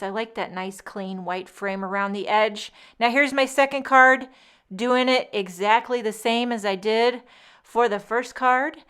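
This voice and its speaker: A woman's voice: fairly high pitch, a bit bright, clean tone. A woman hosting a casual card-making tutorial, chatty and full of joking asides. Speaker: papercraft tutorial host. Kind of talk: casual craft tutorial narration.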